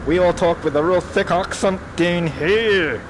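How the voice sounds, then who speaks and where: A man voicing an exaggerated, cheeky male Londoner in a put-on thick London accent, loud and cartoonish. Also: high-pitched, a little slow, noisy background, pitched above the performer's own voice.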